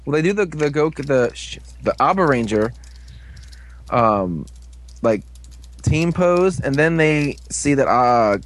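A man's voice: medium pitch, lively intonation, takes it slowly, pauses often, rough recording. A young man casually recapping a TV episode, rambling, joking and losing his place.

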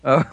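A man casually recapping a TV episode, rambling and joking with quick asides. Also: no echo. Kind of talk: casual chat.

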